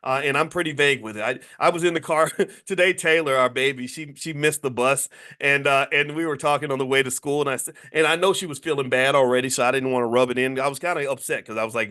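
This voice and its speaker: A man's voice: medium pitch, fast, pushed and bright. A man in his fifties hosting a motivational livestream talk about money. He speaks emphatically, repeats phrases and checks in with his audience. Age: 50s. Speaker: host and finance educator.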